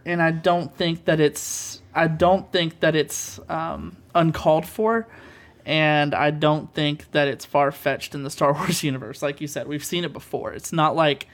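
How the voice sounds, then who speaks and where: A man co-hosting a podcast, chatting casually about films in an earnest, rambling way with many fillers. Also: fairly high pitch. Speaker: podcast co-host.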